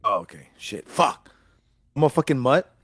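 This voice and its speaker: Excitable, swearing male co-host. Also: mid-range voice, normal speed, husky, no echo, clean studio sound. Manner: excitable, profane, laughs easily. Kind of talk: casual wrestling chat.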